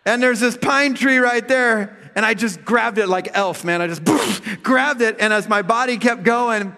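A middle-aged male pastor preaching with comic storytelling, swinging from loud funny voices to quiet reflection. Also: very high voice, measured pace, gravelly. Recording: long hall reverb.

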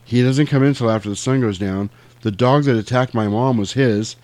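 A man's voice: medium pitch, normal speed, a little mellow, no echo, close to an everyday voice. A man voicing an eager young boy who rallies his friends to hunt a vampire. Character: excited kid brother chasing vampires.

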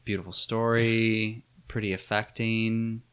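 A man's voice: on the low side, level tone, slow pace, a bit bright, clean tone. A man co-hosting a film podcast in casual chat, dropping short, dry remarks. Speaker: podcast co-host.

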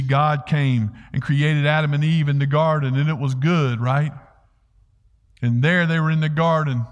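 A man preaching a sermon as pastor, earnestly stressing key phrases and slowing down on them. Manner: earnest preaching, rises in pitch for emphasis, slows on key phrases. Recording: long hall reverb.

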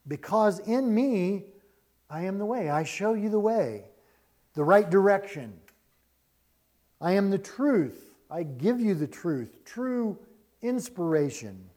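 A male pastor delivering a sermon in a slightly high but mellow voice. He reads scripture aloud and then teaches, leaning on key words for emphasis.

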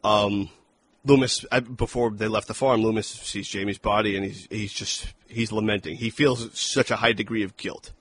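A man's voice: fairly low pitch, fairly even intonation, normal speed, a bit bright, slight background noise. A man co-hosting a film review podcast, talking casually and profanely, acting out lines from the movie. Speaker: podcast co-host.

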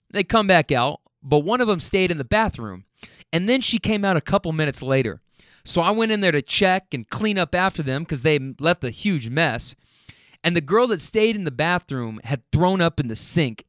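A man's voice: on the high side, dry recording, clean studio sound. A man telling wild stories from his restaurant serving job in a blunt, profane, casual way, riding in a car. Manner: animated, blunt and profane, laughing at own stories. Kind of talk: casual storytelling. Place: inside a car on a ride home.

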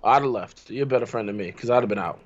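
Male podcast co-host, mid pitch, dry and teasing, somewhat muffled audio. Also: quick pace. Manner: dry, teasing, laid-back. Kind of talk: casual podcast banter.

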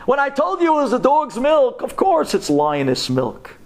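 A man voicing a pompous, scheming male tongue in a storytelling sermon, boasting and then dropping to a low hush. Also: huge pitch swings, normal speed, exaggerated voice. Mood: flattering.

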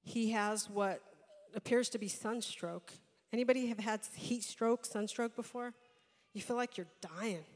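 A woman's voice: fairly high pitch, unhurried. Woman preaching in a reverberant church. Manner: storytelling, builds to loud impassioned preaching. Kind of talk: sermon. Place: church sanctuary. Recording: church sanctuary with long reverb.

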